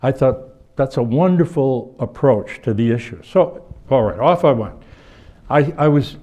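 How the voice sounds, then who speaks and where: Speaking before a conference hall audience, this older bishop from the United States delivers his talk as a string of warm anecdotes. His voice sits in the middle range, and he wanders and self-corrects, frequently starting sentences over.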